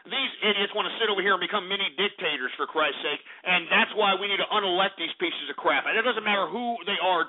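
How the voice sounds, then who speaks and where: A man hosting a call-in radio show, ranting loudly and brashly and swearing often. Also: high voice, husky. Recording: narrow phone-like radio sound with faint music.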